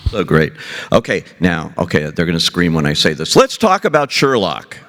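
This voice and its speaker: A man's voice: sits low, wildly swooping pitch, moderate pace, heavy background noise. A man moderating an on-stage festival interview, gushing and eager with his questions. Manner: enthusiastic, gushing. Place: large theatre stage. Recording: long hall reverb.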